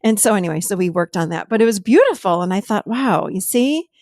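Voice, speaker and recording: A middle-aged woman talks in a relaxed podcast chat, her voice sitting at an ordinary middle pitch. She tells her stories with animation and slips into laughter now and then. The sound is dry and close, with no room around it. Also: a little fast, no room sound. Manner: animated storytelling, laughs while talking. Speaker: podcast host and therapist. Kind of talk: casual chat.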